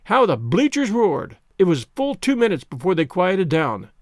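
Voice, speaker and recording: A man reading a story aloud in first-person narration, lively and expressive. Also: high voice, normal speed, no room sound, studio quality. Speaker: audiobook narrator.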